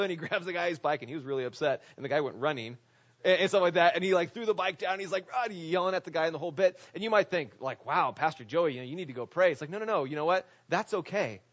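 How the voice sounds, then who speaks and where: A man with a fairly high voice preaches to his congregation in an animated, conversational way. He keeps asking them rhetorical questions. The recording sounds dull and lo-fi. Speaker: pastor. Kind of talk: conversational sermon.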